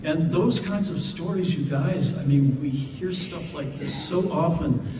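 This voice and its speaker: A man on a convention panel telling a heartfelt story to a live audience, earnest and halting, often repeating words. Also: on the high side. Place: large convention hall. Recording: echoey hall from far off with noise.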